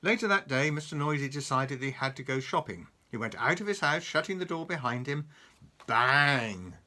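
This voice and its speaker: Man reading a kids book aloud, voice swoops all over, bright tone. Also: on the high side, brisk. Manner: animated, chuckling, pointing at pictures. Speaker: storyteller reading to a child.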